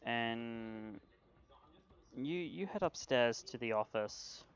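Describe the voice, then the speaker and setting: Casual male game master narrating a tabletop session, mid-pitched, dull lo-fi sound. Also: lively intonation, slow, clean tone. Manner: casual, with restarts and fillers.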